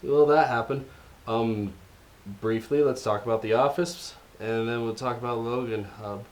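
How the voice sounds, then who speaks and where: A young American man co-hosting a podcast in casual chat, rambling and jokey, often trailing off quietly. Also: mid-range voice, steady tone, normal speed. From United States. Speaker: podcast co-host.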